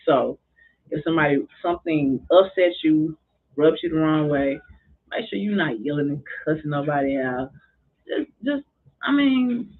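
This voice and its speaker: Husky, passionate woman on a tinny line. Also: low-pitched. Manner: passionate, expressive. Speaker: middle school drumming therapist and basketball coach. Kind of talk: casual podcast conversation. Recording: tinny phone-like sound.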